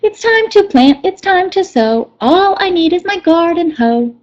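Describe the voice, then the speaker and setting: A woman voicing a fussy, excitable male rabbit with a sing-song, huffy way of talking in a storybook reading for young children. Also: a little high, unhurried, dull audio, a little hiss or hum, pitched above the performer's own voice. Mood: excited. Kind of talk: storybook read-aloud for kindergartners.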